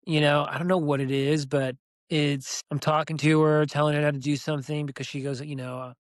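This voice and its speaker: A man's voice: on the high side, little pitch movement, a little fast, no echo, clean studio sound. A man co-hosting a podcast, chatting casually and searching for his words. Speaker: podcast co-host. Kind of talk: casual chat.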